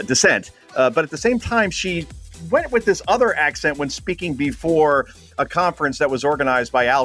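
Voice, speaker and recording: A man hosting a radio talk show, sarcastic and quick to laugh at his own jokes while he cues up clips. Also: a little high, a bit bright. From New Jersey.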